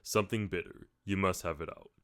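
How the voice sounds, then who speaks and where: A man reading a soft-spoken old sailor. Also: deep voice, fairly even intonation, a little fast, clean tone, no room sound, studio quality. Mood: earnest. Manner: soft-spoken, earnest pleading. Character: old kindly male ship's sailor.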